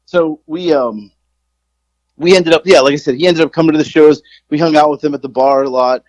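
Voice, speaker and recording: A man's voice: a little high, fairly even intonation, a little fast, darkish tone, no room sound, rough recording. A man in his forties, a podcast co-host, telling a rambling, profane, self-mocking story in casual chat.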